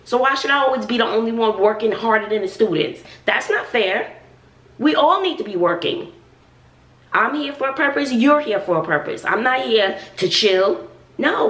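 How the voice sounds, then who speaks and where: A sassy, talkative schoolteacher in her forties chats casually to viewers while cooking in her home kitchen. Her medium-pitched voice is gravelly and sounds distant and off-mic in an echoey room.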